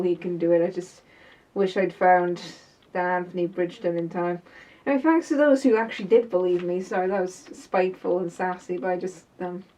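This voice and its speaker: A woman playing a sassy woman mechanic in a character video diary, chatty and quick to get heated. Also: lowish voice, dark tone, far from the mic, lightly acted, rough recording. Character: tough woman mechanic, sassy and fed up with stereotypes.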